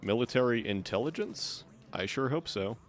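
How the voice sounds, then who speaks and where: A man's voice: mid-range voice, animated, moderate pace. A man streaming a game, giving casual commentary in a sarcastic, joking way.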